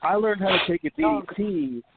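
A man with a high-pitched, very animated voice talks a little fast while hosting a wrestling radio show. He tells a long, profane backstage story in a loose, rambling way packed with fillers, like casual storytelling. The tinny phone-line audio carries a faint hiss.

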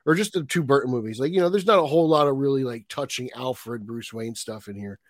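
A man co-hosting a casual film podcast, relaxed and chatty, laughing often. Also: medium pitch, fast talker, no echo. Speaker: podcast co-host.

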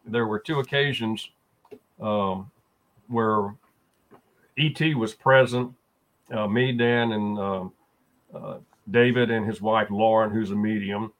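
A man guest and co-author recounting events in a measured, halting way. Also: on the low side, steady tone. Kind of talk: interview storytelling.

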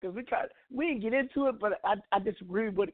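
A man hosting a call-in radio show, talking softly and coughing now and then, with frequent laughs. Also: high-pitched, fast talker. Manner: soft-spoken, laughs often, coughing. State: coughing from asthma. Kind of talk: casual call-in radio chat. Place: at home alone. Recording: tinny phone-line audio.

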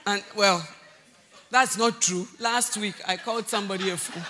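A woman preaching a sermon in a church, animated, breaking into loud emphasis and laughter as she acts out conversations. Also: mid-range voice, normal speed, over a noisy crowd, very noisy.

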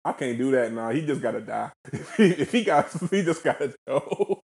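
A man's voice: medium pitch, expressive, moderate pace, gravelly, a little mellow. A man co-hosting a casual podcast, laid-back and rambling, with profane slang. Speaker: podcast co-host.

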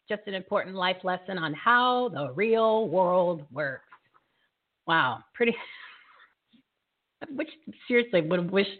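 A woman in her late forties hosting a live show, chatty and excitable, laughing often. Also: a little high. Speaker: host. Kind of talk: casual live show chat. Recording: tinny phone-like line.

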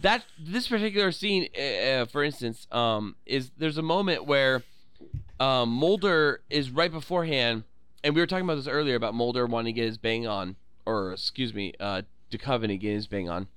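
A man in his thirties co-hosting a podcast, retelling scenes with lively acted-out quotes. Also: medium pitch, moderate pace, smooth, dry recording. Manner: animated storytelling, acts out quotes. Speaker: podcast co-host. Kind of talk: casual chat.

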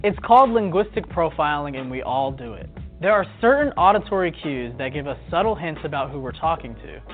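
A man's voice: a little high, expressive, a little fast. A man narrating a scripted documentary segment in a wry, playful way. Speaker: video narrator. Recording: tinny lo-fi clip with faint music.

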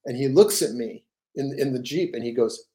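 A man's voice: medium pitch, moderate pace, mellow. An older man, a guest author, telling stories in a rambling, casual way with repeated words and laughs. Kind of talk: casual storytelling.

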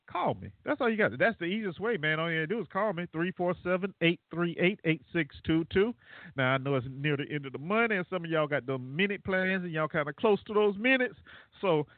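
A man's voice: high voice, no room sound. Rambling talk-show host man on a phone line. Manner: rambling, laughs at his own jokes. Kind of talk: casual call-in talk show chat. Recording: dry, phone-like internet radio line.

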